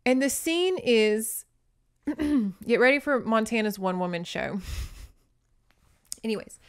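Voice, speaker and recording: A woman's voice: fairly high pitch, expressive, slow, clean tone. A woman hosting a podcast, casually and playfully recapping a novel with joking, dramatic asides. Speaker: podcast host. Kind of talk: casual book recap and reading aloud.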